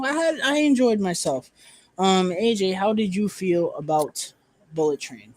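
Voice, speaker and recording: A man's voice: high-pitched, lively intonation, a little slow. A young man hosting a casual movie review chat, talking loosely with fillers and swearing.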